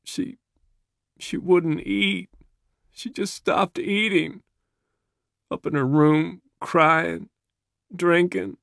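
A man voicing a grieving, enraged young man with a gun, speaking in a rough rural drawl with his voice cracking. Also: medium pitch, fairly even intonation, a little slow, no echo, studio quality, close to an everyday voice. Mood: tearful rage.

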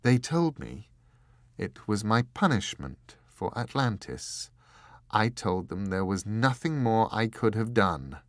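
A man voicing a genderless fallen angel who speaks gently and with measured calm, coldly certain of its own rightness. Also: fairly low pitch, no echo, clean studio sound, exaggerated voice. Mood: serene, regretful. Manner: gentle and measured, slipping into unhinged fury.

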